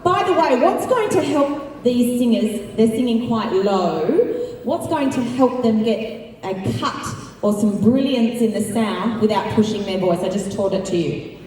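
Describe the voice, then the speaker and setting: A woman's voice: fairly high pitch, animated, unhurried, darkish tone, slight background noise. A woman vocal coach leading a live workshop in an auditorium, upbeat and encouraging, breaking into sung demonstrations. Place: large auditorium with a crowd of singers. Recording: echoey auditorium from far off with singing behind.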